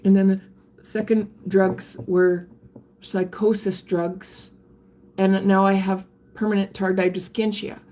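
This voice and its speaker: An older woman, chatting candidly on a live stream and answering viewer comments in a halting way, often restarting her sentences. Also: mid-range voice, level tone, warm tone. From Canada. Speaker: livestreamer reading viewer comments. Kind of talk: casual live-stream chat.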